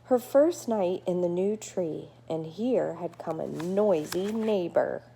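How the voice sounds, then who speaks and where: A woman teacher reading a chapter book aloud to her class, gentle and explanatory. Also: lowish voice, lively intonation, slow, gravelly, a little hiss or hum.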